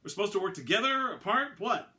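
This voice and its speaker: A wisecracking, fed-up astronaut, voiced by a man reading a story, pitched a bit above his narration. He jabs with sarcasm and lets his pitch jump around. The tone stays casual and mocking. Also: very animated, fast, bright, forceful tone, exaggerated voice. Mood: sarcastic.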